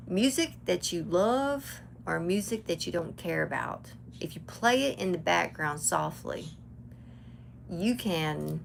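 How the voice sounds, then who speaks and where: A woman's voice: sits low, creaky, a little hiss or hum. A woman telling a chatty story to her live viewers during a tarot reading. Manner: chatty, animated, talks to live chat. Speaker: tarot reader.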